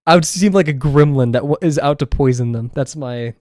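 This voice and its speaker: A man's voice: fairly high pitch, brisk, darkish tone, no room sound, studio quality. Rambling young man chatting on stream. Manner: rambling, self-deprecating, laughing often. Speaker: drawing livestreamer. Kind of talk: casual chat with viewers while drawing.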